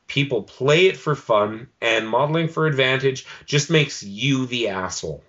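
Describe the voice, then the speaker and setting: A man's voice: medium pitch, normal speed, fairly bright tone, muffled recording. A man co-hosting a podcast in casual chat, ranting with lots of swearing and "um"s. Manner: ranting, profane, many fillers. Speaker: podcast co-host.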